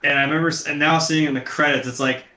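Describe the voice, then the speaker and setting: A man's voice: on the high side, steady tone, fast talker, sharp tone, echoey room. A man co-hosting a casual film talk show, rambling and swearing freely, with many restarts. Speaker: podcast co-host.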